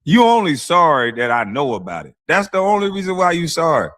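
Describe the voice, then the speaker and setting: Man, streamer, mocking reaction commentary, lively swooping pitch, fairly high voice, blunt slang, laughs a lot. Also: fairly quick. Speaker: streamer, show host. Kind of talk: casual livestream reaction commentary.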